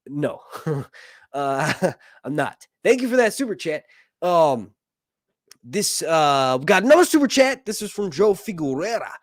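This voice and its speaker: Lively man hosting a live stream. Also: on the high side, unhurried, no room sound, clean studio sound. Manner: animated, laughs often, reads viewer messages aloud. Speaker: livestream host. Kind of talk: casual live stream chat.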